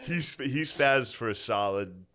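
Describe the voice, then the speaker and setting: An American man in his thirties who tells rambling stories on a casual comedy podcast. His pitch jumps around a lot as he acts out his family's lines and swears freely. The delivery is loose and conversational. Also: animated, measured pace, crowd noise. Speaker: podcast co-host.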